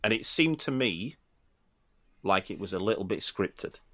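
A man who coaches tennis, co-hosting a casual podcast and talking in an animated way with frequent restarts. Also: on the low side, measured pace, no room sound. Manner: animated, restarts often, acts out quotes.

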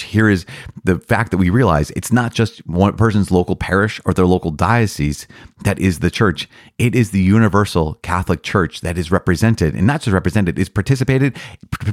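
A man's voice: deep voice, no room sound, studio quality. A man, a priest hosting a podcast, giving earnest and enthusiastic commentary on the catechism, with frequent restarts and repeated words.

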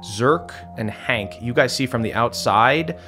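Спокойный мужчина-ведущий настольной игры. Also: male voice, mid-range voice, a little slow. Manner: relaxed, descriptive, frequent fillers. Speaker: game master. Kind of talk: narrating a tabletop game. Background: soft background music.

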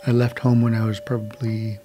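A calm, laid-back young man from the United States, telling a traditional story to a gathering. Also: fairly low pitch, a little fast, faint music behind.

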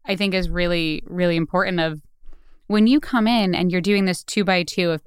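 A woman's voice: on the low side, normal speed, clear, resonant tone, no echo, studio quality. A woman marketing executive, a podcast guest, telling a work anecdote and acting out the dialogue. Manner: animated storyteller, acts out dialogue. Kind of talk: conversational anecdote.

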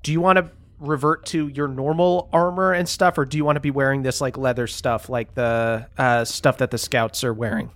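A man's voice: mid-range voice, moderate pace, hardly any pauses. A man narrating as game master in a tabletop game, describing scenes loosely with plenty of "like" and "um". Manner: relaxed, loose narration full of "like" and "um".

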